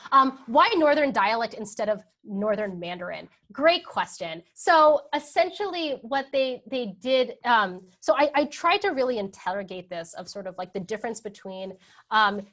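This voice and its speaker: A woman's voice: on the high side, animated, normal speed, fairly bright tone. A woman history professor answering audience questions after a talk, thinking aloud with many ums, "sort of" and "right?" checks. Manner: hedging with "sort of" and "like". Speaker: guest speaker, history professor. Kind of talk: academic Q&A answers.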